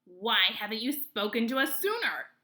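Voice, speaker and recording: A woman reading a storybook aloud, voicing a fussy male owl elder who proclaims loudly to a crowd of animals. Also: sing-song, moderate pace. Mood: screeching. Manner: loud, proclaiming, shrill when alarmed.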